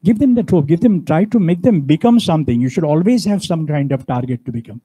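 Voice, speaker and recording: A man's voice: on the high side, animated, fairly quick, dark tone, breathy edge, poor audio. A man giving a university lecture, speaking emphatically and asking his audience frequent rhetorical questions. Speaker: guest speaker.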